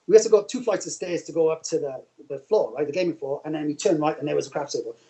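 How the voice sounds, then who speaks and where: A man with a high voice tells a story at a quick pace. He acts out what people said in animated bursts. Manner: fast and animated, acts out his own lines. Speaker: casino dealer. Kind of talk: casual anecdote.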